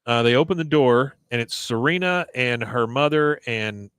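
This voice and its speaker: A man hosting a podcast, recapping a cartoon episode casually, animated and exasperated, acting out lines. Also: mid-range voice, moderate pace, smooth, no echo. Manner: animated, exasperated, acts out quotes. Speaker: podcast host.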